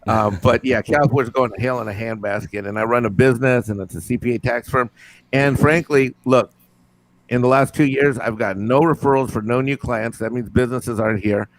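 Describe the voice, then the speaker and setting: A middle-aged man with a gravelly, creaky voice co-hosts a casual livestream. He reads viewer comments aloud and rambles from one joke to the next. His delivery is loose and full of quick asides. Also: medium pitch, fairly even intonation, rough recording. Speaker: livestream co-host.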